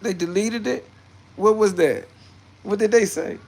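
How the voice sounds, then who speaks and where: A man chatting casually on a livestream and answering viewer comments. He is brash and swears, moving between low muttering and loud outbursts. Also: measured pace. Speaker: livestreamer reading chat comments.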